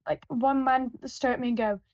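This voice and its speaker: A woman's voice: high voice, fairly even intonation, normal speed, a little mellow, no echo. A woman working on supermarket tills, chatting casually with a rambling manner full of fillers and restarts. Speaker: supermarket till worker. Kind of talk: casual anecdotal chat. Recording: dull, lo-fi, dry.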